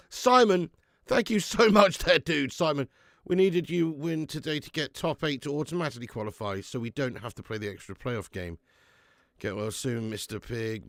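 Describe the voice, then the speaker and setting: A sick man hosts a live football watch-along in a mid-pitched voice. He banters bluntly with his viewers and swears freely. The sound is close and dry. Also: fairly bright tone, no room sound. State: sick with flu, sweating. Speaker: football fan channel host.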